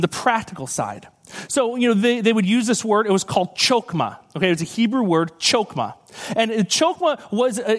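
High-voiced, joking youth preacher. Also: male voice. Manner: energetic, joking, fast and conversational with many fillers. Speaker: guest speaker, former youth pastor. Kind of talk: youth sermon with personal stories.

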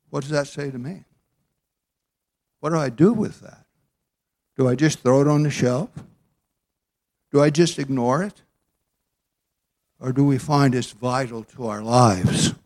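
A man in his eighties from Southern California, preaching a folksy, chatty sermon in a church sanctuary with plenty of fillers. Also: a little high. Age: 80s. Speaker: pastor.

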